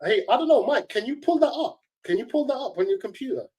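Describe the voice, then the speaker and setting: A man's voice: very high voice, expressive, fast talker, a little mellow, husky. A man, a tournament organizer telling emphatic, slang-heavy stories as an interview guest. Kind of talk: casual interview storytelling.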